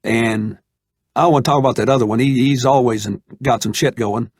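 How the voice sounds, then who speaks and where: A man playing a laid-back middle-aged Arkansas man, talking in an easygoing, calming drawl. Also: medium pitch, brisk, lightly acted.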